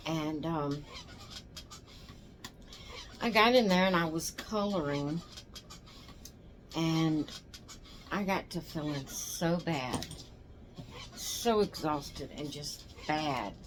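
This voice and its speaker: Worn out older lady rambling on her doll vlog, lowish voice, bit of hiss behind. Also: very slow, pauses often. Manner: rambling, tired, yawning. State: exhausted. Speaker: doll channel host. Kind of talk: casual chat to camera.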